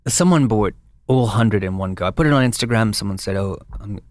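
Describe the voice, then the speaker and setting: A man guest and brand founder in a casual interview, an animated storyteller with frequent restarts. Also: on the low side, quick pace, dry recording.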